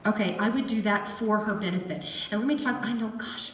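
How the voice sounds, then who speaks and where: A woman giving a lively, chatty seminar talk on dog behavior to a live audience. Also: mid-range voice, a little fast, recorded from a distance. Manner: animated and chatty, acts out dog voices. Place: seminar hall. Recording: echoey room with faint ambience.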